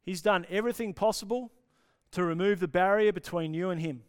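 A male pastor preaching a sermon with passion, dropping to soft pauses for emphasis. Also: high voice, smooth. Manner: impassioned, with dramatic pauses and drops to near-whisper.

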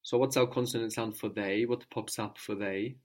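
A man's voice: fairly low pitch, fairly even intonation, normal speed, a little mellow. A man teaching a language lesson, patiently explaining grammar step by step and prompting his student to answer.

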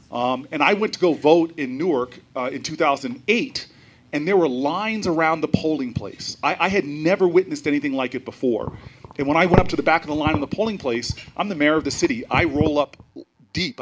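A man from New Jersey, a senator, giving an animated public talk to an audience, telling stories with frequent restarts and asides. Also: medium pitch, slight background noise.

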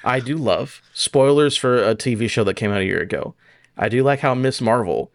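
A man's voice: mid-range voice, moderate pace, gravelly, dry recording, clean studio sound. Blunt, swearing podcast guy. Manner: blunt and profane, full of likes. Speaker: podcast co-host. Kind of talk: casual chat.

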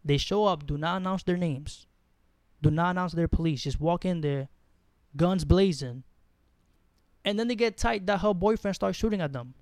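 A man's voice: high voice, moderate pace, a little mellow, dry recording, clean studio sound. A young man, co-hosting a casual podcast chat and talking in a blunt, heated, slangy way. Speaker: podcast co-host.

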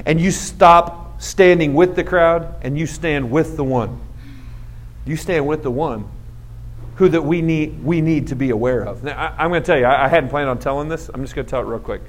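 Speaking at a moderate pace with a fairly high voice, a youth speaker in his forties tells a story as a sermon for a young audience. He acts out each scene and pokes fun at himself for laughs.

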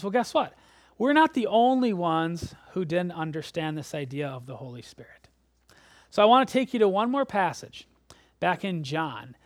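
A man preaching a sermon. He speaks in animated bursts that rise sharply, then sink to a soft near-whisper at the ends of phrases. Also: high-pitched, dry recording. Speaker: pastor.

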